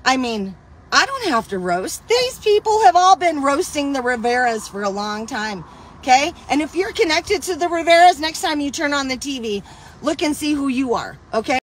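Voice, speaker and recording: A woman with a high voice rants into her phone on a town street, swearing hard and throwing accusations. She turns preachy and agitated, and tags almost every sentence with a pushy "okay?". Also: sing-song, normal speed, slight background noise. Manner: profane, tag "okay?" on most sentences. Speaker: livestreamer. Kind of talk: rambling angry livestream rant. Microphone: phone livestream.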